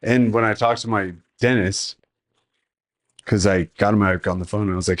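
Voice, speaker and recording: A man's voice: lowish voice, fairly even intonation, moderate pace. Profane storytelling man hosting a podcast. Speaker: podcast host. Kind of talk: casual storytelling chat.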